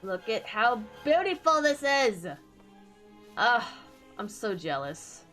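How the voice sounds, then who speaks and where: A woman's voice: fairly high pitch, very animated, takes it slowly, fairly bright tone, faint music behind. A woman streamer giving casual, playful and self-mocking commentary while playing a game.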